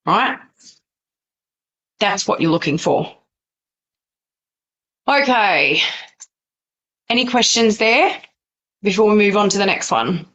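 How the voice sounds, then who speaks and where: A woman's voice: medium pitch, lively intonation, takes it slowly, pauses often, fairly bright tone. A middle-aged woman teaching practitioners in a blunt, no-nonsense, conversational way during a training session. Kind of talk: recorded training session for students.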